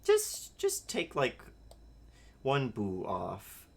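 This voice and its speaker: Animated game master narrating. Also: medium pitch, very slow, gravelly, husky.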